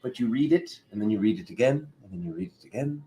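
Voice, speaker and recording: Give me a man chatting animatedly with his live-stream viewers, freshly woken, his pitch swinging widely. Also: fast. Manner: animated, playful, calls out viewers by name. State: just woken up. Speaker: spiritual tarot reader hosting a live stream. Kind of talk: casual live-stream chat greeting viewers.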